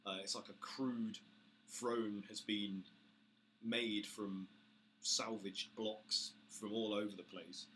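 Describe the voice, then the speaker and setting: Bright-toned British game master. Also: male voice, level tone. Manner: halting, many fillers. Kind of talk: narrating a tabletop game. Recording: faint hiss, low-quality audio.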